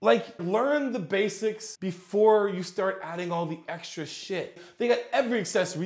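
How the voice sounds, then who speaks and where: Brief: male fitness coach, high for a man, blunt and exasperated, swears casually, roomy echo. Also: animated, normal speed, hardly any pauses. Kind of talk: fitness critique commentary.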